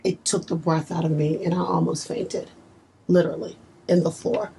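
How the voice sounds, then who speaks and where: A woman's voice: on the low side, steady tone, moderate pace, gravelly, dark tone, a little hiss or hum, poor audio. A woman guest in a casual interview, telling her story earnestly and with feeling. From United States.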